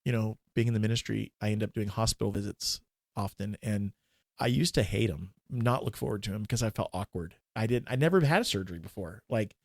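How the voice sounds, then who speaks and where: A man in his forties, a minister and podcast guest, telling a candid, emotional personal story in a halting way with many restarts. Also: on the low side, vocal fry, no echo, studio quality.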